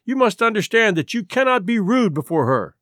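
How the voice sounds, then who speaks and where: A man's voice: sits high, sing-song, brisk, a bit bright, dry recording, clean studio sound, voice pushed up. A man voicing a brave but modest male moth with a crooked feeler, speaking earnestly. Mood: challenging.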